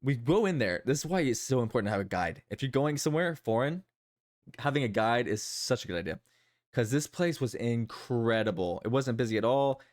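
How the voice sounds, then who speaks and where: A man's voice: medium pitch, animated, brisk. A man streaming live, chatting casually and rambling, often repeating his own phrases.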